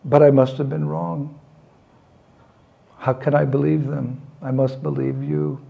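A man voicing a loving, crafty mother who is faking tears, speaking slowly in a pleading, weepy way. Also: medium pitch, flat delivery, creaky, muffled recording. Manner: tearful, pleading, slowed.

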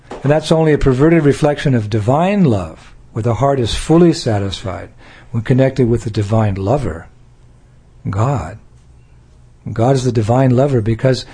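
Older american preacher, husky, playful, acts out little bits. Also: male voice, medium pitch, warm tone. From United States. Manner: playful, acts out little scenes and quotes, laughing along. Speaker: spiritual teacher. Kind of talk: devotional talk.

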